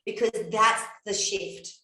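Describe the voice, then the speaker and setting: A woman in her fifties co-hosts a casual podcast in a slightly high voice. She talks animatedly, swears freely and acts out little everyday scenes. The room around her sounds echoey. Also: fairly even intonation, slow, pushed and bright. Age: 50s. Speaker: podcast co-host and coach.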